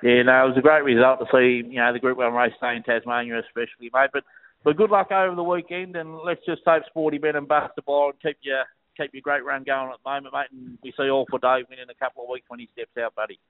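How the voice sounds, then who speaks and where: A man's voice: medium pitch, little pitch movement, quick pace, no echo. Chatty Australian man on a phone line. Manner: chatty, matey, keeps saying mate. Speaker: racing tipster calling in. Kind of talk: casual phone chat.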